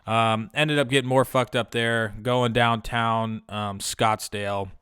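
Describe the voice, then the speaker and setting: A man's voice: mid-range voice, steady tone, unhurried, a bit bright, clean tone, dry recording, clean studio sound. A young man hosting a podcast, telling a long profane story in a loose, rambling way with lots of filler words. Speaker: podcast host. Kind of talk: casual storytelling.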